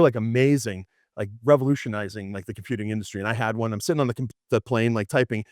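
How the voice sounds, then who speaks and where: A man teaching apologetics to a class, lively and storytelling, often restarting his sentences. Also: medium pitch, dry recording, clean studio sound. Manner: animated, storytelling, frequent restarts and laughs. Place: classroom with students.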